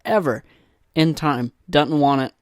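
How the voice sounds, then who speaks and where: A man's voice: fairly high pitch, a little slow, a little mellow, no room sound, clean studio sound. A young man hosting a podcast, ranting in a comic, exasperated way and swearing freely. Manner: profane, exasperated ranting with mocking voices. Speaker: podcast host. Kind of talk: solo comedic rant.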